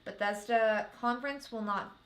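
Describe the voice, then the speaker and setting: A woman chats on a casual podcast, rattling off list items with a giggle never far away. Her voice sits somewhat high. The recording carries a roomy echo. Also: moderate pace. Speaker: podcast co-host. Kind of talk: casual chat, reading a list.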